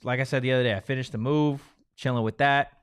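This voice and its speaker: A relaxed male sports podcast host. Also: mid-range voice, fast talker, clean tone, no echo, studio quality. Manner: relaxed, teasing banter. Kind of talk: casual sports show chat.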